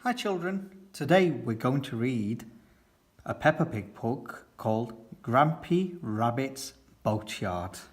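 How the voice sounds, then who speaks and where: A man reads a children's picture book aloud, gentle and friendly toward young listeners. His voice sits at an ordinary pitch, steady storytelling. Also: slow, husky.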